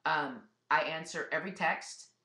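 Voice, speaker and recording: Woman coach, emphatic motivational speaker, bright forceful voice, recorded in an echoey room. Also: deep voice, normal speed. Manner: blunt, emphatic pep talk. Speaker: fitness business coach. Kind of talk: motivational webinar talk.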